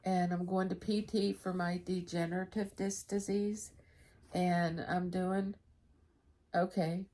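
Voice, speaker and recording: In a home vlog, a middle-aged woman talks candidly to the camera, sharing stories from her everyday life. Her voice sits on the low side, level and warm, and she takes her time.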